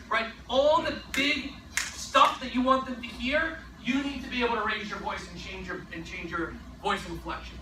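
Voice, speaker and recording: Energetic high-voiced male sales trainer. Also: normal speed, roomy sound, far from the mic, noisy background. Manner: energetic and emphatic, with frequent rhetorical "right?". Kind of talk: motivational sales training talk.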